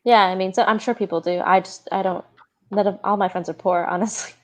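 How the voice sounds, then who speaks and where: A young woman in her twenties joins a casual chat with a middle-pitched voice. She speaks in an offhand, self-deprecating way and laughs easily. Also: steady tone, a little fast, a little mellow. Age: 20s.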